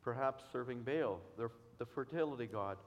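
A man preaching a sermon in an earnest, measured way, asking his listeners questions. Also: mid-range voice. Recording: long hall reverb.

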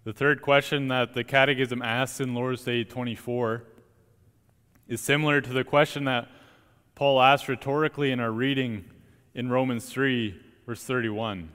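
A young man, a student preacher, delivering an earnest, emphatic sermon with deliberate pauses in a church. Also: mid-range voice, fairly even intonation, fairly bright tone, clear, resonant tone. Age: young adult. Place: church sanctuary. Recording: long church reverb.

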